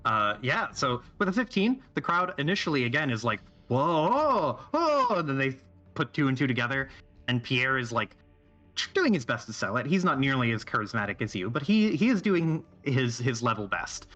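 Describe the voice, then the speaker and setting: A man runs a tabletop horror game as its game master, his voice bright and forward. He narrates in a loose, halting way, restarting his sentences as he goes. Faint music plays underneath. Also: mid-range voice, big pitch swings, muffled recording.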